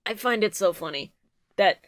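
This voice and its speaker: A woman's voice: mid-range voice, lively intonation, moderate pace, no echo. A woman co-hosting a casual comedy podcast, swearing freely and laughing through her riffs. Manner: laughing, profane, riffs in silly voices. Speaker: podcast co-host.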